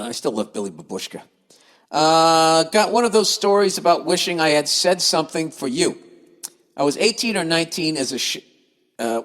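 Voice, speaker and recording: A man on a podcast reads out listener mail and then tears into it, cursing freely and sounding exasperated and sarcastic. His voice sits a little high for a man. A long reverb trails behind his words. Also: a bit bright. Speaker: podcast host. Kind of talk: reading listener emails and ranting comedically.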